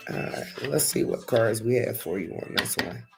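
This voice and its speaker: Philly guy with a gravelly voice doing a chatty tarot livestream, reads cards out and talks to the chat. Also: medium pitch, animated, moderate pace, very noisy. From Philadelphia. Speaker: tarot reader. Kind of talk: casual live-stream tarot reading.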